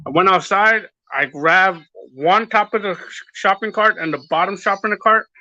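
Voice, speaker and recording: A man venting bluntly to a friend in a casual chat. His voice is high and very bright. The recording is close and dry but a bit muffled. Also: normal speed. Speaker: guest.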